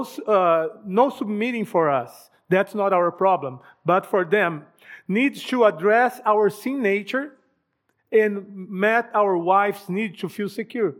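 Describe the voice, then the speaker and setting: A man giving a church talk on marriage, addressing husbands directly with questions. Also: high-pitched. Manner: direct, asks the men questions. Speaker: marriage ministry speaker.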